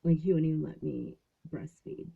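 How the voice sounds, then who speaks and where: A woman's voice: deep voice, moderate pace, vocal fry, breathy edge. A woman in her fifties hosting a show, telling a story in a chatty, casual way from a small closet at home. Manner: chatty, acts out quoted voices. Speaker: host. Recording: phone-like narrow sound.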